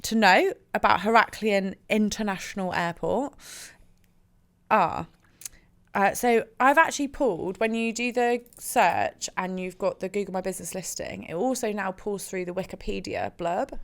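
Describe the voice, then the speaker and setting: A woman's voice: medium pitch, normal speed, a bit bright. A woman with a West Country accent, co-hosting a casual podcast chat, reading out facts with laughs and swearing. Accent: West Country English. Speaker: podcast co-host.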